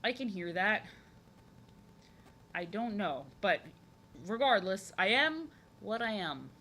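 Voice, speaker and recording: A young woman chatting while drawing on a live stream. She talks in an overexcited, chatty way, often repeats herself, and has a youthful voice that people say sounds like an excited little boy. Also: mid-range voice, takes it slowly, slight background noise. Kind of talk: casual chat while drawing.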